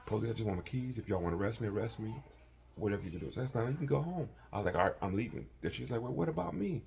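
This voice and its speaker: A man casually telling a personal story, animated and acting out the voices of people he quotes. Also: on the low side, racing.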